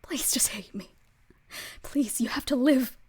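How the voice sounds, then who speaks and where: Brief: woman as a weeping male ghost, pleading and guilty, slightly high, tabletop game. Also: a little slow, a little mellow, breathy edge, full character voice. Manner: pleading, breaking into whispers. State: crying. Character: grieving male ghost, guilt-ridden and protective.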